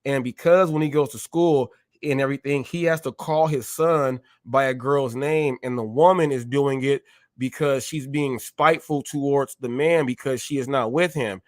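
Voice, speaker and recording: A man hosting a live stream, talking in an animated way, often repeating himself and acting out short exchanges. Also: mid-range voice, moderate pace, dry recording, clean studio sound. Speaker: show host.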